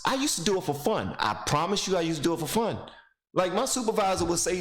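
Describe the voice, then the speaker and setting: A man's voice: sits high, big pitch swings, fast, roomy sound. A man giving blunt, mocking casual commentary while reacting to a video clip, rambling into stories.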